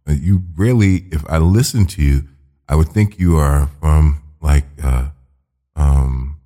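A man's voice: very deep voice, unhurried, dark tone. An American man hosting a podcast interview, chatting casually with blunt jokes and plenty of swearing. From United States. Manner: blunt, joking, swears freely. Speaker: podcast host.

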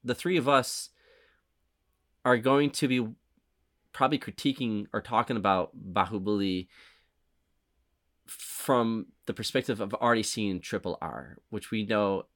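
A man's voice: on the low side, a little slow, long pauses, a bit bright, dry recording, clean studio sound. A man hosting a podcast, chatting casually and rambling with frequent self-corrections. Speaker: podcast host. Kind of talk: casual chat.

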